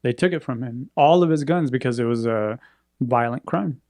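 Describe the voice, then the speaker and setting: A man's voice: mid-range voice, moderate pace. A man telling a story in casual chat, acting out the people in it. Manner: animated, acts out quoted voices.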